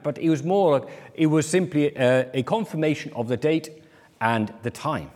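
A man delivers a sermon, working through a parable and slipping into the voices of the people he quotes. His voice sits fairly high. The sound carries a long reverb, as in a large hall. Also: lively intonation, moderate pace, darkish tone. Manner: explanatory, acts out quoted speakers. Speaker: preacher.

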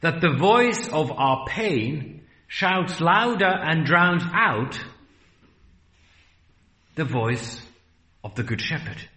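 Man, preacher, sermon, earnest rhetorical delivery, animated pitch, roomy echo. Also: slow pace, pauses often. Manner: earnest, rhetorical, varies pace for emphasis.

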